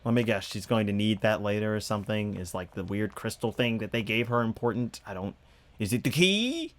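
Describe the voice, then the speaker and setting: A man's voice: on the low side, expressive, a little fast. A man giving casual movie reaction commentary, incredulous and rambling with exasperated asides. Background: movie audio playing.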